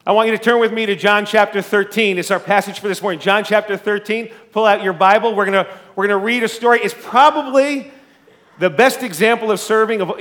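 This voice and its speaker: Pastor, male, high-pitched, loud and animated, preaching through a story. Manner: loud speaking voice. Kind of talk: sermon.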